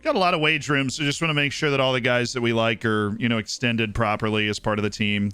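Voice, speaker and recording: Bright-voiced American man hosting. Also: medium pitch, steady tone, fast, clear, resonant tone, dry recording. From United States. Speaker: streamer host. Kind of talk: casual chat while playing a football manager game.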